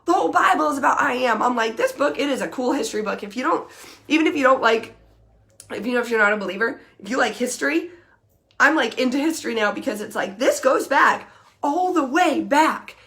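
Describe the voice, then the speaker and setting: Woman in her thirties, casual live-video talk, high gravelly voice, earnest and emphatic. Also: animated, fairly quick, a bit bright.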